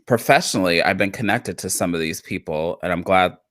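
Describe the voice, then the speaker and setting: A woman's voice: extremely low pitch, fairly quick, no echo, studio quality. A woman co-hosting a live talk show, chatting casually about politics and repeating phrases for emphasis. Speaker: podcast co-host.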